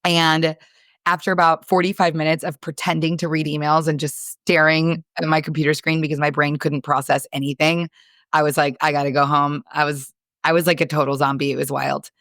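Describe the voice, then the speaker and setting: A woman's voice: deep voice, flat delivery, fairly quick, a bit bright, dry recording, studio quality. A woman in her thirties, a podcast co-host, telling a story in casual chat, candid and swearing freely as she acts out dialogue. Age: 30s.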